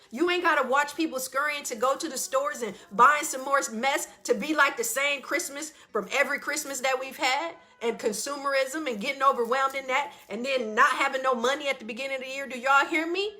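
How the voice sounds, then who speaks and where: Bright, fired-up woman hyping a live audience. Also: fairly high pitch. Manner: exhorting, call-and-response. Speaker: host of a live show. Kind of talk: live-stream wellness talk.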